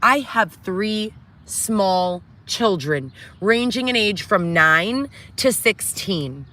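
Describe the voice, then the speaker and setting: A woman's voice: medium pitch, animated, slow pace, sharp tone. A middle-aged woman on a reality show, delivering an agitated, profane, distraught monologue to the camera from inside a tent. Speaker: reality show cast member.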